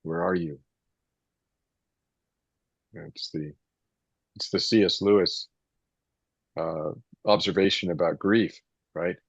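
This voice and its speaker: A man's voice: deep voice, takes it slowly, pauses often, breathy edge, no echo. A man teaching a casual Bible study to a small group. He talks in a rambling, conversational way, restarting sentences and reading scripture aloud. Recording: muffled, dull lo-fi sound.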